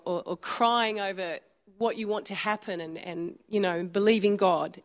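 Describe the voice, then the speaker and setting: A woman in her fifties with an Australian accent, preaching a sermon in a chatty storytelling way with frequent chuckles. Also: mid-range voice. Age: 50s. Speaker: pastor. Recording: long hall reverb.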